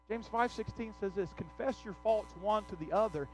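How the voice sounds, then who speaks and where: Male pastor with a high voice, preaching with swelling passion over soft music. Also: moderate pace, hardly any pauses, rough recording. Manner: impassioned preaching that swells loud and drops soft. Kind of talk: sermon.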